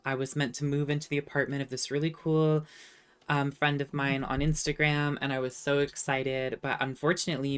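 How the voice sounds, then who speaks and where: A young woman streamer from the West Coast of North America, chatting casually with her viewers in a soft voice full of "um" pauses. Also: sits low, clean tone. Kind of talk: casual livestream chat. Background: faint background music.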